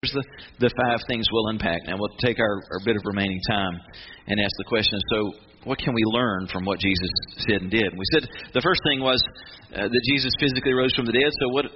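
Emphatic man preaching a sermon. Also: fairly low pitch. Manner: emphatic, with many restarts and dramatic pauses. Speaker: pastor. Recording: muffled with noticeable background noise.

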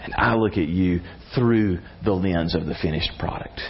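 A man doing God, deep low voice, hushed, fatherly, husky, muffled recording. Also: normal speed, a little hiss or hum, lightly acted. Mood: tender assurance. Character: God, calm deep fatherly male divine voice.

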